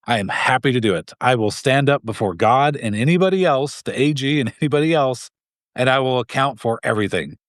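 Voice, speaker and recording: A man's voice: medium pitch, animated, fairly quick, dry recording. Heated, earnest man in a dry room. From Idaho. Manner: earnest and heated, with frequent restarts and short laughs. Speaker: guest, gun rights group president. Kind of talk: casual interview talk.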